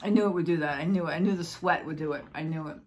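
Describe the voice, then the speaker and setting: A woman's voice: deep voice, racing. A woman talks straight to her viewers in a loose, rambling vlog. She repeats herself often and keeps breaking in with exclamations. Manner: frequent exclamations. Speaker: vlogger. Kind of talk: casual vlog chat.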